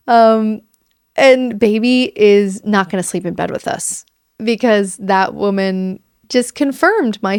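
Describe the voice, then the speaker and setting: A woman's voice: mid-range voice, vocal fry, clear, resonant tone, no echo, studio quality. A woman in her thirties hosting a podcast, talking casually and emphatically, acting out quoted voices as she tells stories. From United States. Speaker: podcast host. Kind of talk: casual solo podcast talk.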